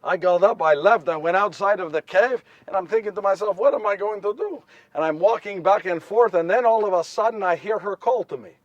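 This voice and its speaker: A high-pitched, earnest young Joseph, played by a man in a stage monologue, telling his tale wryly with repeated phrases. The sound is dry and picked up from some distance. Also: a little fast, hardly any pauses, dry recording, muffled recording, natural voice. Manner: repetitive, wry storytelling with self-corrections. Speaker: solo stage performer. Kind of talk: first-person dramatic monologue. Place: live stage before an audience.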